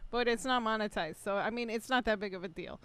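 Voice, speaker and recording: A woman's voice: medium pitch, fast talker, a bit bright, clear, resonant tone, dry recording. A woman co-hosting a casual gaming podcast, teasing her partner, giggling and swearing casually. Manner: teasing, giggly, sings snatches. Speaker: podcast co-host. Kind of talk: casual chat.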